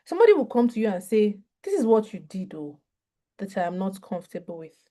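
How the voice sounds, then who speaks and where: Lively woman teaching over a video call. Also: mid-range voice, quick pace. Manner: lively, conversational, acts out little dialogues. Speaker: mental health trainer. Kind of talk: online training talk.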